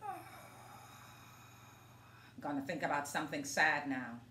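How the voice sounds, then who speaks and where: A woman's voice: low voice, a little slow, sharp tone, a little hiss or hum. A woman vlogging in an earnest, casual way, talking straight to her viewers as a motivational vlogger. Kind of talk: casual demonstration vlog. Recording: roomy echo.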